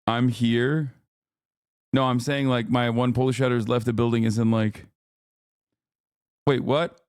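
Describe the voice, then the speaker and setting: A man's voice: mid-range voice, flat delivery, unhurried, a little mellow, smooth, dry recording, clean studio sound. Profane, laughing male streamer. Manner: brash, profane, laughing, mock accents. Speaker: streamer reacting to a video. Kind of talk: casual live-stream chat.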